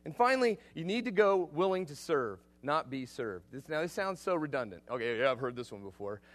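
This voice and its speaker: Brief: male missionary preacher, fairly high voice, energetic sermon delivery with loud peaks and soft asides. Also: fairly quick. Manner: energetic, emphatic, swinging between loud bursts and quiet asides.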